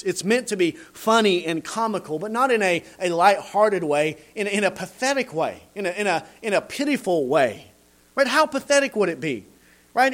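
A man preaching a sermon in a rhetorical, animated way, often tagging his points with "right?". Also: sits high.

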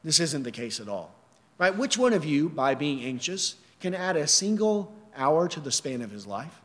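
High-voiced male preacher in a reverberant hall. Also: sing-song, moderate pace, fairly bright tone. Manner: preaching with rhetorical questions, emphatic swings in pitch and volume. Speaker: pastor. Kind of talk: sermon.

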